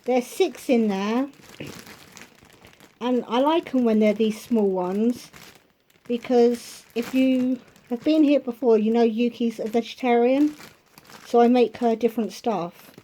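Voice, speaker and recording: A woman's voice: fairly high pitch, unhurried, warm tone, slight background noise. A woman vlogging a grocery haul from her kitchen at home, talking casually and rambling into chatty asides.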